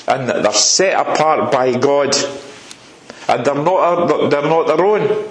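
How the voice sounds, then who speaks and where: A man preaches a sermon in a church hall, earnest and fond of repeating his key phrases. His voice sits a little high. The room around him rings with echo. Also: slow, a little hiss or hum. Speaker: lay preacher.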